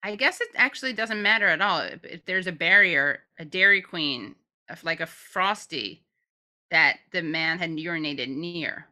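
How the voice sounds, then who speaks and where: A woman's voice: fairly low pitch, animated, normal speed, bright, forceful tone. Blunt, sarcastic woman co-host. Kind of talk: casual commentary chat.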